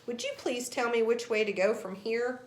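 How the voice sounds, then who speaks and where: A woman's voice: on the high side, steady tone, normal speed, close to an everyday voice. A woman reading as Alice, a polite curious girl. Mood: earnest. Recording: roomy echo.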